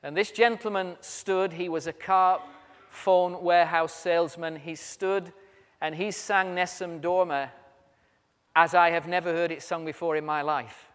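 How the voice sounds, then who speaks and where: High-voiced British preacher in a hall. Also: male voice, steady tone, a little slow, a bit bright, clean tone. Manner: storytelling with humor, walks around while speaking. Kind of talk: sermon. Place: large convention hall. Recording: reverberant hall.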